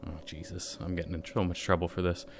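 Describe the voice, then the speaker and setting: A man's voice: deep voice, little pitch movement, fast talker, slight background noise. A man hosting a let's play, giving rambling, self-deprecating commentary over the game. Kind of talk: casual gameplay commentary.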